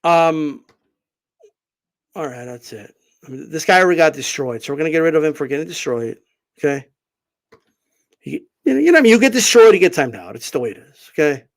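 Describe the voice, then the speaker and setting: A man's voice: fairly high pitch, animated, brisk, long pauses. A man hosting a boxing show, ranting brashly and profanely in a casual livestream style. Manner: brash, profane, mocks commenters in put-on voices. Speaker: boxing channel host. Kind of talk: animated livestream rant.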